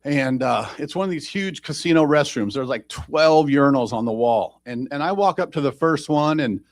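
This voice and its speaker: A man's voice: fairly high pitch, expressive, moderate pace, dry recording. A man sharing his personal recovery story at a meeting, in a rambling, conversational way with self-deprecating humor.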